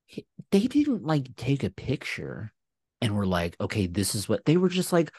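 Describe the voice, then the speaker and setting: A man co-hosting a podcast in casual chat about a movie, excitable and tripping over his words. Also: moderate pace, breathy edge, no echo, studio quality. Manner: excitable, full of fillers and restarts, swings up in pitch. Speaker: podcast co-host.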